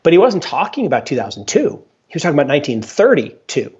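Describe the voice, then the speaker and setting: A man, an investment fund founder and guest, giving animated market commentary, emphatic and repeating his points. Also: on the high side, fast, breathy edge. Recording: dull lo-fi sound.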